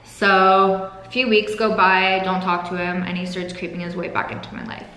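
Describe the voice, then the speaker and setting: A woman's voice: lowish voice, level tone, normal speed, sharp tone. A young adult woman candidly telling a painful personal story, swearing freely and holding back tears. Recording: echoey room with long reverb.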